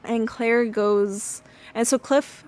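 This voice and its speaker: A woman's voice: on the high side, fairly even intonation, slow, a little mellow. A woman hosting a podcast, casually retelling a TV episode with lots of fillers and acted-out quotes. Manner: chatty retelling with many fillers, acting out quotes. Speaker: podcast host.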